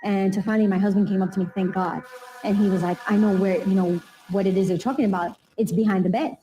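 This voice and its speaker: Interviewed for a documentary, a woman with a mid-range, mellow voice earnestly and emotionally retells a family story at a fast pace and steady tone, quoting people in a raised voice as she acts them out. Soft music plays behind her on a low-quality recording.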